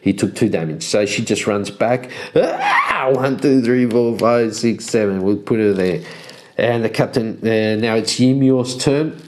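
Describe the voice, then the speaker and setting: A man's voice: fairly low pitch, a little slow, darkish tone. A man casually narrating a solo tabletop game, counting out moves and chuckling at the dice.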